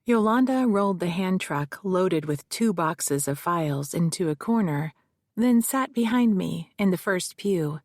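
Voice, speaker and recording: A woman reads a first-person mystery audiobook in a measured, steady way. Her voice sits low with a gravelly texture. The recording is dry and close. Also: dry recording. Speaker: audiobook narrator.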